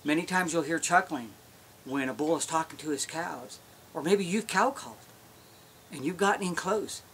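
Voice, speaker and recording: A man's voice: a little high, moderate pace, fairly bright tone, slight background noise. A man teaching how to make elk calls, explaining in a folksy, step-by-step way. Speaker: elk calling instructor. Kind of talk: instructional demonstration.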